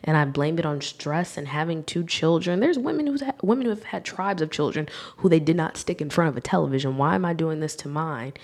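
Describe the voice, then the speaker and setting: A young woman talking candidly and reflectively on her own podcast as host, growing animated when she acts out scenes. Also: low voice, fairly quick, few pauses. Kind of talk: solo podcast monologue.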